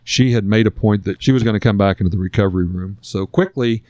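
Lowish dry-voiced man telling a story. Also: fast talker, darkish tone, no echo. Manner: earnest and reflective. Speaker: guest sharing a personal story. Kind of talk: conversational storytelling.

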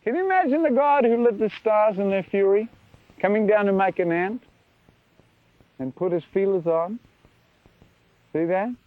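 Male preacher, high-pitched, animated sermon delivery, thin lo-fi archive sound. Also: normal speed, pauses often, no room sound. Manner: animated, wondering, leans into questions to the audience. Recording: dry tinny phone-like archive recording.

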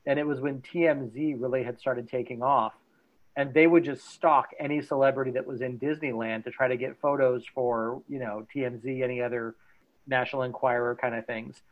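A man hosting a casual podcast interview, asking questions in a halting way with many fillers. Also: mid-range voice, fairly even intonation. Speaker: podcast host. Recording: dull lo-fi recording.

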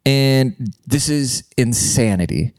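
A man's voice: medium pitch, slow, a little mellow, no echo. A man ranting in a casual monologue, blunt, profane and mocking.

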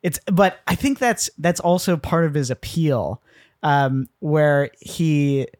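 Brief: male podcast co-host, slightly high voice, easy laughs, lots of ums, dry sound. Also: takes it slowly, a little mellow, no echo. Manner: laughs often, hesitant with fillers. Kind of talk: casual film discussion.

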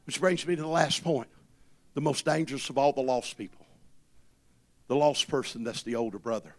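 A man's voice: mid-range voice, moderate pace, pauses often. A man preaching a sermon as pastor, impassioned, calling on the congregation to repeat his words.

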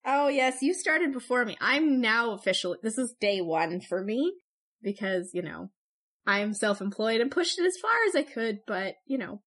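On a podcast, a female co-host keeps the chat casual and jokey, laughing often, then gets brisk when running through her history notes. Her voice is on the high side, expressive, and fairly bright.

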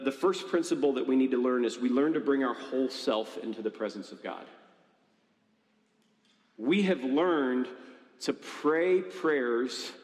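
A man preaching a sermon in a conversational, animated way, often checking in with the congregation. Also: medium pitch. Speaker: pastor. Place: church hall. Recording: echoey hall with long reverb.

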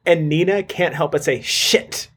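A man's voice: on the high side, animated, normal speed, husky. A man co-hosting a podcast in casual chat, laughing often and acting out the players with dramatic impressions. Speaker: podcast co-host.

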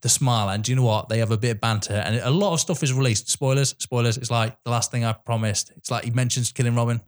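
A man, co-hosting a casual film-discussion podcast, excitable, laughing often and swearing freely. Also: medium pitch, fast talker. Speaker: podcast co-host.

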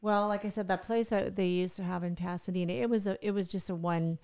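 A woman's voice: medium pitch, fairly even intonation, a little fast, a little mellow, clear, resonant tone. A middle-aged woman co-hosting a morning radio show, chatty and agreeable. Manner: chatty, agreeable, lots of fillers. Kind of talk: casual morning show chat.

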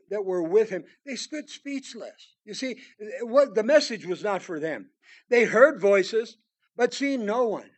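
A man preaching a sermon, reading Bible verses aloud and commenting on them, swinging between loud emphasis and hushed prayerful tones. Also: sits high.

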